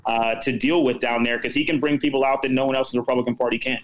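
Houston guy, political strategist on a podcast, mid pitch, gets fired up and emphatic. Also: rapid-fire, poor audio. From Houston, Texas. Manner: animated, emphatic, conversational. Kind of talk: casual political interview.

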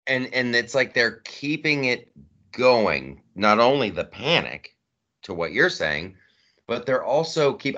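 A man co-hosting a podcast in casual political chat, emphatic and animated, often repeating himself for stress. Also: mid-range voice, lo-fi sound. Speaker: podcast co-host.

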